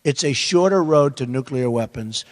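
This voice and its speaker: In a campaign forum answer, an older man running for office speaks in a mid-range voice with lively intonation at moderate pace, followed by a long reverb tail. His delivery is emphatic and repetitive, full of rambling asides.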